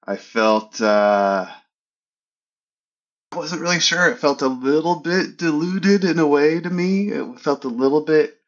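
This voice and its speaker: A man's voice: a little high, a little slow, lo-fi sound. A man talking on a casual music podcast, hesitant and thinking aloud, trailing off and restarting as he weighs his opinion. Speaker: podcast co-host.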